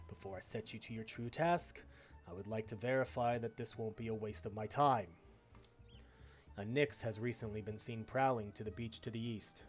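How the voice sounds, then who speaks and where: A man doing a gruff, skeptical guard captain. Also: on the low side, natural voice. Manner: stern, curt, measured. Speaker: streamer reading game dialogue.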